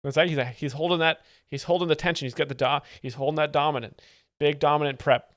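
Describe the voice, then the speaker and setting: A male host explaining jokes in a deadpan, mock-serious expert manner, often halting over his words. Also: on the high side, no echo, studio quality.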